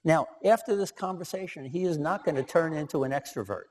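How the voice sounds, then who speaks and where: A man's voice: on the high side, fairly quick, darkish tone. A man lecturing about relationship research in a casual way with many fillers, in a hall with long reverb. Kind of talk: lecture presentation.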